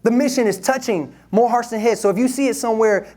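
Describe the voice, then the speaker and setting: A young man in his twenties from Detroit giving a live motivational talk, energetic and playful, leading the audience in call-and-response. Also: high-pitched, fast, few pauses. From Detroit, USA. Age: 20s. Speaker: motivational speaker. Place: event room with a live audience. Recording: live room recording with crowd and noise.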